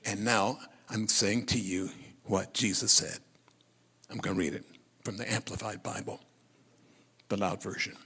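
Husky preacher in a reverberant hall. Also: male voice, lowish voice, measured pace, pauses often. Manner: lively storytelling, calls for congregation responses. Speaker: pastor. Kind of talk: sermon.

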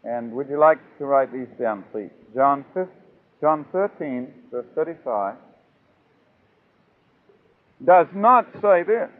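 A man preaching a sermon, emphatic and swinging between loud and soft. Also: medium pitch, animated, slow pace, pauses often. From New Zealand. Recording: tinny lo-fi phone-like recording.

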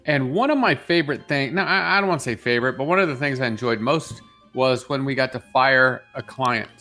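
A man's voice: mid-range voice, fairly quick, pushed and bright, soft background music. Man retelling customer-service stories. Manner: recounts work stories, acts out dialogue. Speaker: co-host. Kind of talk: casual chat.

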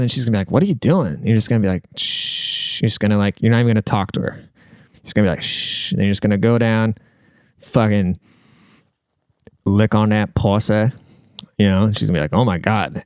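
Young man, podcast advice host, crude, emphatic, smooth resonant voice, dead dry sound. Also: mid-range voice, darkish tone, no room sound. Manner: profane, blunt, emphatic. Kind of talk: crude casual advice rant.

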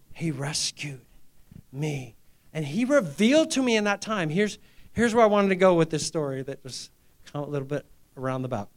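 A middle-aged male pastor preaches a testimony sermon in a medium-pitched voice at a fast pace. He drops to near-whispers and rises to loud, emphatic lines, acting out quoted dialogue in a raised voice.

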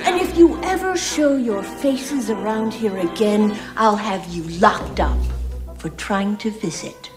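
A woman's voice: medium pitch, a little slow, music in the background, natural voice. An actress playing a scheming, haughty young wife who throws out her husband's family with snappy, mocking commands in a film scene. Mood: scornful. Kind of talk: film dialogue.

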